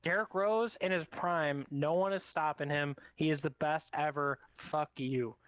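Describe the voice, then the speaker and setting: A man's voice: on the high side, steady tone, a little slow, fairly bright tone, clear, resonant tone, no room sound. A man in a casual sports podcast chat, emphatic and blunt, swearing to drive his points home. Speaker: podcast co-host.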